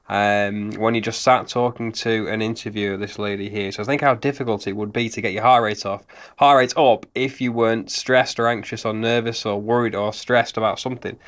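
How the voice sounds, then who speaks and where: A man's voice: medium pitch, a bit bright. Guy, mid voice, breaking down clips, lots of ums. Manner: analytical, explaining, with frequent ums. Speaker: body language analyst. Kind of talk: commentary over video clips.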